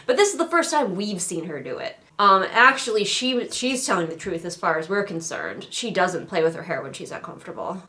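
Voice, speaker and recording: A woman's voice: fairly low pitch, sing-song, brisk, hardly any pauses, bright, forceful tone. Snarky nasal woman reviewing a book. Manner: sarcastic, snarky. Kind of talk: casual critique vlog. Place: home, sitting in a chair.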